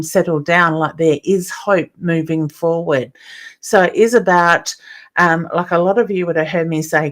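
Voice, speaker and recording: A woman with an Australian accent hosting a live stream as a psychic medium, reading out viewer comments and greeting people by name in a chatty, affectionate way. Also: fairly low pitch.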